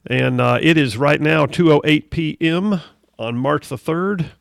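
Middle-aged guy doing a talk radio monologue, gravelly voice, dry close studio sound. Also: fairly high pitch, measured pace, dry recording. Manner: folksy, conversational, preachy asides.

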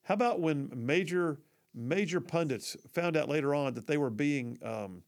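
A man's voice: fairly high pitch, expressive, normal speed. A man hosting a conservative talk radio show, folksy and emphatic, with sarcastic asides.

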